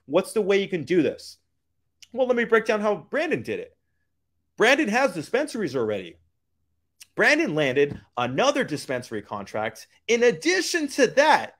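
A man giving a hyped motivational business pitch, using street slang and repeating lines for emphasis. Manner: hyped, keeps calling out to "guys". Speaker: business coach.

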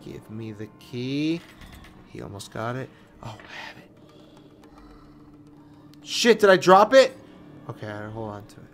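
A man giving excitable, joking let's play commentary on a game, swearing and talking back to the screen. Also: medium pitch, measured pace, pauses often, a little hiss or hum. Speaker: gaming commentator. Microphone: new desk mic with webcam.

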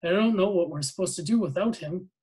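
A man's voice: sits high, fast talker, a little mellow, slightly rough. Sad young boy behind a fence, read by a man. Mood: sorrowful. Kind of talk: reading a novel aloud.

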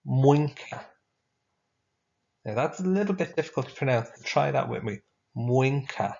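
In a creaky, medium-pitched voice, a male language teacher runs a classroom vocabulary drill, patiently repeating each word so his pupils can echo it. The recording sounds dull and lo-fi.

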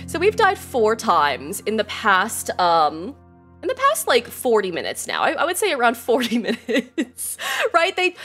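Excitable streamer lady, kinda high voice, swings up and down a lot, laughy and sweary, game music faint behind. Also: slightly rough. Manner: bubbly, excitable, laughs often, swears casually, says y'all. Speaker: Twitch streamer. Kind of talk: casual live-stream chat while gaming.

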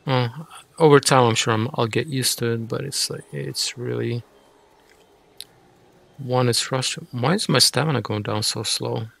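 A man's voice: mid-range voice, moderate pace, vocal fry, a bit bright. A man giving casual, rambling gameplay commentary, often frustrated and self-mocking. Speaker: gaming streamer.

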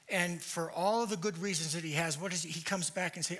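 A man giving a church lecture, deliberate and emphatic, posing rhetorical questions to his audience. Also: high voice, fairly even intonation, pushed and bright.

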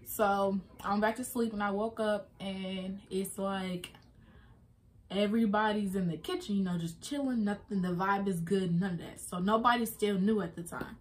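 A woman's voice: medium pitch, moderate pace. A young woman vlogger speaks. She retells a hard personal story in a loose, casual way, with many fillers and restarts.

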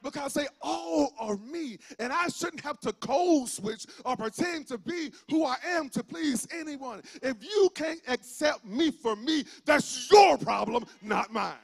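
A pastor from Georgia with a Southern accent, preaching a fervent sermon that swings from shouts into a sing-song cadence, with many "uh" fillers. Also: male voice, very high-pitched, expressive, a little slow, creaky, few pauses. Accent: Southern US (rural Georgia). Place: church sanctuary.

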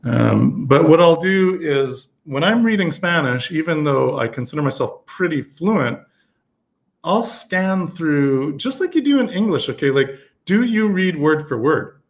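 A man's voice: fairly high pitch, animated, unhurried, gravelly. A man teaching a Spanish lesson on a live stream, talking casually with many fillers and restarts.

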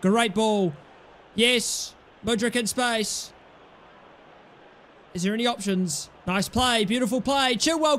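A young man calls his own football video game, swearing and shouting at his players. His voice sits very high and bright. A faint hiss runs under the recording. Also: animated, slow. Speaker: gaming YouTuber. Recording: faint background noise.

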